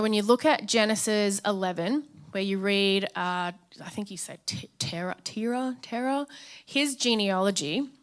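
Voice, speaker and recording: A woman's voice: medium pitch, fairly bright tone. An Australian woman in her thirties telling her testimony in church, chatty and storytelling, acting out quotes and laughing along. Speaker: church speaker sharing a testimony. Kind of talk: sermon testimony.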